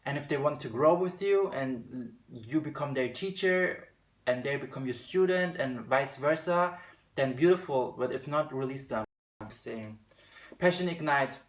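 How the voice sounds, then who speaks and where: A man's voice: medium pitch, lively intonation, unhurried, reverberant. A man giving a spiritual card reading, talking casually and at times slipping into a British accent. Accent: slips into a British accent at times. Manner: chatty, slips into reading card text aloud. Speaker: tarot reader.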